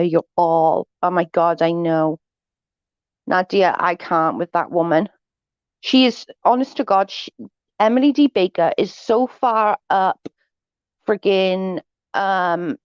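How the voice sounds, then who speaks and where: A woman's voice: on the low side, dry recording, muffled recording. A woman hosting a casual livestream, reading viewer chat and giving blunt, sarcastic, gossipy opinions.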